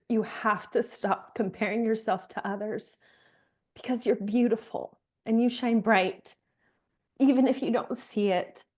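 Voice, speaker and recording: Soft-spoken emotional woman guiding reflection. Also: a little high. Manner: soft, emotional, slow encouraging guidance. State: emotional, near tears. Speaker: fitness coach leading a guided exercise. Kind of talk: guided reflection exercise on a live call.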